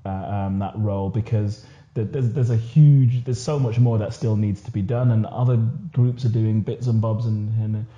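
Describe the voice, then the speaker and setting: Earnest guy, stumbles and repeats himself, dark mellow tone, roomy dull recording. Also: on the low side, fairly even intonation. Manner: earnest, halting, many repeated words and restarts. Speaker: podcast guest. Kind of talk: casual podcast discussion. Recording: echoey room, dull lo-fi sound.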